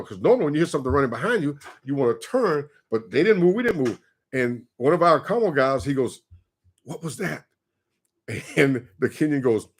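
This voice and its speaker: A man co-hosting a livestream, telling a story in a casual, animated way and acting out the quotes as he goes. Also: medium pitch. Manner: animated, acts out quoted voices with laughs. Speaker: co-host.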